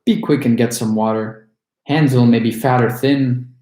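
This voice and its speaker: A man's voice: medium pitch, normal speed, dark tone, close to an everyday voice. A man reading a wicked old witch, roomy sound. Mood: scolding. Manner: scolding, impatient. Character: wicked old witch who eats children. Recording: roomy echo.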